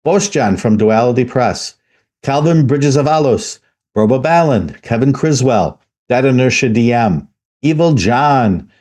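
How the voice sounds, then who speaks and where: Male podcast host reading patron names. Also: mid-range voice. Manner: steady, even delivery reading a list of names.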